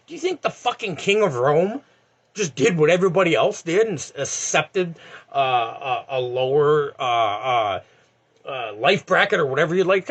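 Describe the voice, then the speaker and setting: In a vlog, a man in his forties who resells on eBay delivers a motivational talk that is animated, blunt, and thick with profanity. He speaks fairly quickly in a fairly high voice.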